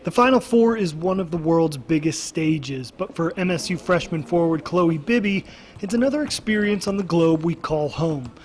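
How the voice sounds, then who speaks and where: Guy sports anchor, kinda high voice, easygoing desk banter, faint hiss. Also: animated, moderate pace, a little mellow. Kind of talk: sports news desk chat and narration.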